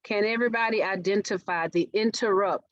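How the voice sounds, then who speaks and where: A woman's voice: mid-range voice, a little fast. A woman, presenting a marketing workshop and often checking in with her audience. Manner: engaging, asks audience questions often. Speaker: marketing speaker. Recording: dull, dry webinar audio.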